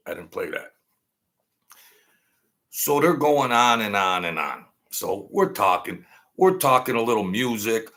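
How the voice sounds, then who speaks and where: A man's voice: on the low side, bright, forceful tone. A man telling stories from his past in a loose, rambling way, swearing freely and skipping details with "blah, blah, blah.". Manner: rambling and profane, fills gaps with "blah, blah, blah". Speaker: storyteller recounting his past. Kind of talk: casual spoken storytelling.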